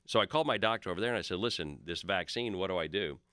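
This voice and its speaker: A man's voice: low-pitched, rapid-fire, bright, forceful tone, clean tone, no echo. A man in his fifties, a podcast guest, telling stories in casual chat and quoting others in his own voice. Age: 50s.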